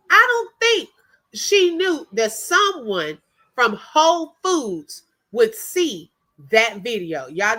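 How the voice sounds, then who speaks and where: Slow-talking bright woman giving commentary. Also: fairly high pitch, low-quality recording. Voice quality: chatty, drops in frequent "okay?" check-ins. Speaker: reaction channel host. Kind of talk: casual commentary.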